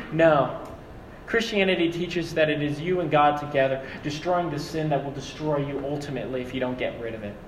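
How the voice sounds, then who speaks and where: A young man preaching a sermon as a pastor, animated and acting out quoted voices. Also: fairly high pitch, slight background noise. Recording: echoey hall, mic far off.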